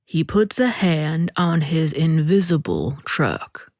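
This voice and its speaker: A woman hosting a podcast, reading a short story aloud in a slow, deliberate way that dips into soft whispers. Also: low voice, very animated, no echo, studio quality.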